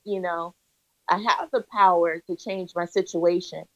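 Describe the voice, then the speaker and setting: A woman's voice: on the low side, steady tone, measured pace, a bit bright. A woman guest on an interview, telling her story in an earnest, emphatic way with a preacher-like cadence. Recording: slightly dull lo-fi audio.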